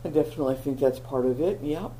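A woman teaching a Bible lesson to a live audience, telling stories with animated, self-mocking humor. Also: low-pitched, quick pace, a little hiss or hum, low-quality recording.

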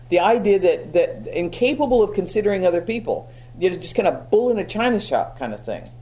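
Woman preacher, lowish voice, mellow tone, conversational sermon, halting repeats. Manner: many restarts, stammering repeats.

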